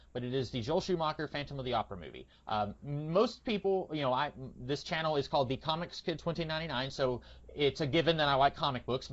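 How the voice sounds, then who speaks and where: Brief: male podcast host, mid-pitched, rambling and opinionated, slightly dull lo-fi audio. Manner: rambling, opinionated, frequent hesitations. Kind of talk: casual movie discussion.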